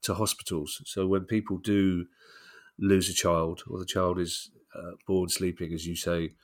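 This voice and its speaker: A man's voice: low voice, little pitch movement, measured pace. Congested man with a cold, wry. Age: middle-aged. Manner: wry, teasing, laughs easily. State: bunged up with a cold. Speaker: podcast co-host. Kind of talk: casual podcast chat.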